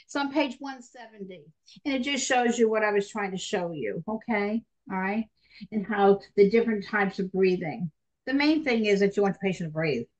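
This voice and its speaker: A middle-aged woman teaching a nursing class in a chatty, animated way, talking straight to her students. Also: medium pitch, normal speed, low-quality recording. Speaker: nursing instructor. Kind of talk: recorded classroom lecture.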